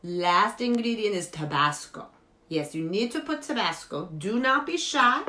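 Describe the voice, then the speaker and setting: A woman's voice: medium pitch, a little slow, voice pushed up. A woman doing a quirky beauty guru, echoey room. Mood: earnest. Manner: earnest and deadpan, with playful broken English. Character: eccentric foreign woman giving absurd beauty tips. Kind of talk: improvised comedy character monologue.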